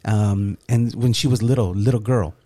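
Middle-aged man, lively co-host storyteller, warm low-bright tone, casual podcast. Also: moderate pace. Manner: animated, acts out quoted dialogue, laughs often.

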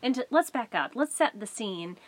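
A woman in casual conversation, telling a shared story in a lively way with frequent laughter. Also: a little high, normal speed.

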